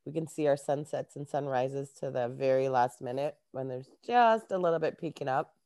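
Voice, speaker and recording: A Canadian woman talks casually as a guest, chatty and quick to laugh. Her voice sits low, and the recording is dry and close with no room sound. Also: mellow, no room sound. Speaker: guest, life coach. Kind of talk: casual interview chat.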